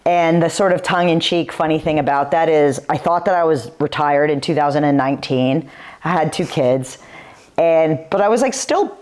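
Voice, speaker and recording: Low-voiced chatty woman in her forties. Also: normal speed, a little mellow. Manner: chatty storytelling, filler-heavy "like". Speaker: guest, retired pro footballer. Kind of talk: podcast interview.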